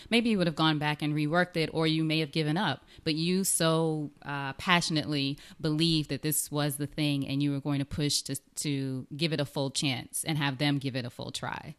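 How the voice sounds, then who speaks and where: A woman's voice: deep voice, smooth. A woman hosting an interview, asking questions and reflecting back what her guest says in an affirming way. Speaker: interview host. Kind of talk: interview conversation.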